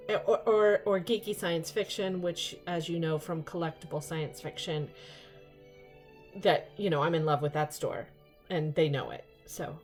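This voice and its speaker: An older woman hosting a casual unboxing vlog, chatty and excitable, rambling into asides. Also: low voice, moderate pace, faint music behind. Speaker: vlog host.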